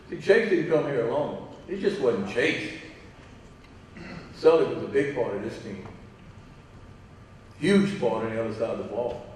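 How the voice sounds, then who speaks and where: This middle-aged father, his voice medium in pitch, delivers a storytelling banquet speech for a hall of fame induction. He's an animated narrator who performs quotes and slips in laughing asides, heard distantly in a large, echoey hall with slight background noise.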